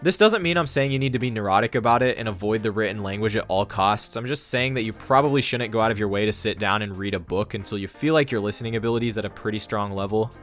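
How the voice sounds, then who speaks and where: A man's voice: on the low side, fast, few pauses, fairly bright tone, soft background music. A man giving a scripted explainer monologue on language learning, matter-of-fact and confident.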